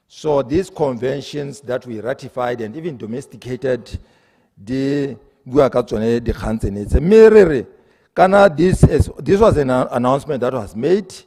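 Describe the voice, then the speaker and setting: Man, minister, mid pitch, hesitant with fillers, echoing parliament chamber. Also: mellow, breathy edge. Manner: hesitant, many fillers, switches to English. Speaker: government minister. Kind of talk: answering questions in parliament.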